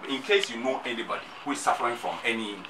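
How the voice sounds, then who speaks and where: A musician and activist with a Ghanaian English accent appears as a guest in a radio studio interview, speaking emphatically and repeating his points rhetorically. His mid-range voice moves at a quick pace, recorded on a distant mic in a noisy studio.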